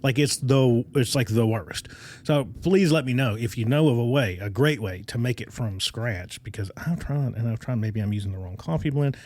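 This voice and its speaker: A man in his thirties hosts a casual solo podcast from his desk microphone. His voice sits at an ordinary middle pitch, and the sound is dry and close with no room around it. He talks with an excitable, rambling energy and drops in quick laughs and fillers. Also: no echo. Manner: chatty and enthusiastic, with frequent fillers and laughs. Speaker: podcast host.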